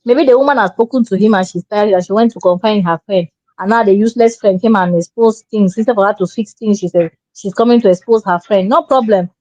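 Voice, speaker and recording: A woman's voice: mid-range voice, quick pace, few pauses, mellow, dry recording. A woman, co-hosting a relationship show and giving emphatic, preachy advice. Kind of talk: opinionated advice talk. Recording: dull lo-fi sound.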